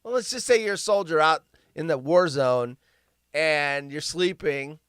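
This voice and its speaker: A man's voice: a little high, animated, normal speed, heavy background noise. A man hosting a live stream, reading news stories aloud and ranting about them in a rambling, sarcastic way that keeps going off on tangents. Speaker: livestream host.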